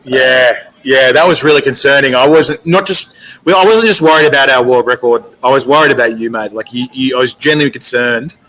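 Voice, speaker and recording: A man's voice: mid-range voice, fairly quick, fairly bright tone, rough recording. A man hosting an interview, chatty and chummy, laughing often as he asks questions. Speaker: host. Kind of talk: casual interview chat.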